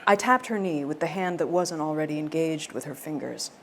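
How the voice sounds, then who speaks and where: A woman voicing a male romance audiobook narrator who reads in a confident alpha-hero American accent, low and hushed. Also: a little fast, slight background noise. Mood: sultry. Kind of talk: audiobook narration within a novel reading.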